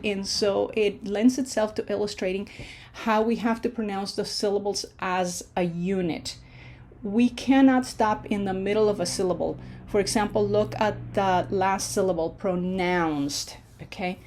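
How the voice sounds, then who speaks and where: A woman teaching an online pronunciation lesson, patient and reassuring, slowing down to sound out words syllable by syllable. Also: mid-range voice, a little mellow. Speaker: language teacher.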